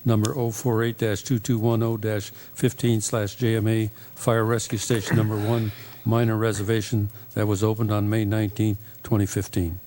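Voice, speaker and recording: Low, flat-voiced meeting chair. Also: male voice, moderate pace, hardly any pauses. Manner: formal, procedural reading. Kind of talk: reading agenda items and calling votes.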